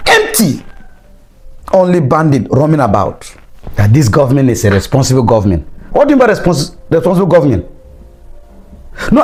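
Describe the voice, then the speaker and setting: A man's voice: fairly high pitch, darkish tone. A young Nigerian man with a Nigerian accent giving impassioned political commentary, angry and preachy, repeating phrases for emphasis. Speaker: online commentator.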